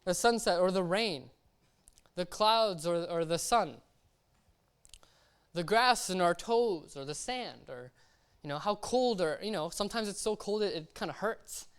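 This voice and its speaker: A man's voice: sits high, measured pace, clear, resonant tone. Young man preaching in a chatty, slangy way. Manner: chatty, keeps checking in with "right?" and "okay?"; slangy and relaxed. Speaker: lay preacher. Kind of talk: casual sermon. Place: church service.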